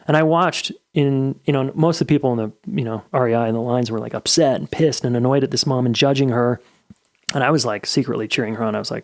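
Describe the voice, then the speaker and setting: A man's voice: medium pitch, fairly even intonation, quick pace, no echo, studio quality. A middle-aged man hosting a podcast, giving candid, blunt advice in a casual solo monologue and swearing freely. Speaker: podcast host.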